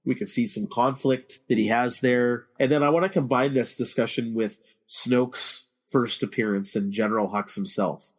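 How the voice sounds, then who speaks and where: A man's voice: mid-range voice, fairly even intonation, normal speed, few pauses. Opinionated man hosting a movie podcast. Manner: opinionated, leads the discussion with questions. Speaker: podcast host. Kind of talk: casual movie discussion.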